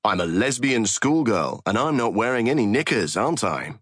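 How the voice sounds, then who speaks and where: A man reading an audiobook, voicing a crude male podcast host who puts on a high, leering fake Cockney schoolgirl voice. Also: very animated, normal speed, fairly bright tone, husky, no room sound, clean studio sound, exaggerated voice. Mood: leering, mocking. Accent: put-on Cockney. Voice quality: high mocking falsetto, leering.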